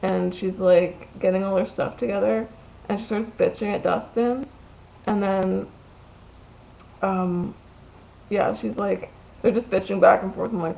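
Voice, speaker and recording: A young woman rants through a casual vlog story, her voice gravelly with fry. She talks loosely, filling her sentences with likes and ums. A faint hiss sits under the recording. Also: medium pitch, fairly even intonation, measured pace, dark tone, poor audio. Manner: chatty, ranting, many likes and ums.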